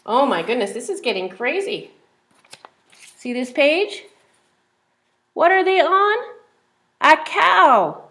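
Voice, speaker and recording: A woman's voice: high voice, lively intonation, slow, long pauses, a bit bright. A woman teacher reading a simple phonics book aloud to young children, sounding out words and asking questions.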